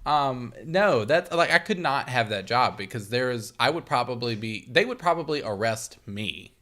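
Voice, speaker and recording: Bright-voiced man, rambling podcast co-host. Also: mid-range voice, expressive, moderate pace. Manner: rambling, many fillers, swears. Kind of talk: casual true-crime chat.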